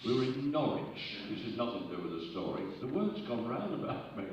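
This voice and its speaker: A comedian in his 80s does live stand-up on stage in an arts centre auditorium, telling jokes in a brisk anecdotal style with quick asides. His medium-pitched voice is sing-song, and the distant audience recording of the hall is echoey, dull and noisy.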